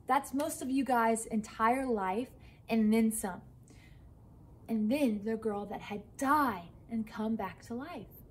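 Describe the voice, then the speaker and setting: A young woman teaching a children's church lesson, telling a Bible story in a lively way and often checking in with "right?". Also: fairly high pitch, slight background noise, rough recording.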